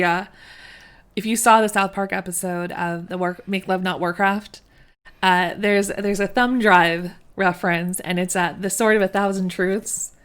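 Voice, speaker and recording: A young woman co-hosting a podcast in casual chat, often chiming in with short agreements and speaking softly at times. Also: lowish voice. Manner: supportive interjections, soft-spoken at times. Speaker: podcast co-host.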